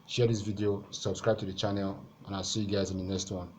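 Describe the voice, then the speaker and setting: Guy tutoring exam prep, lowish voice, goes through each answer step by step and repeats stuff. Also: little pitch movement, brisk, a little mellow, slight background noise. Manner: methodical, repeats key points step by step. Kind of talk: explaining over on-screen exam questions.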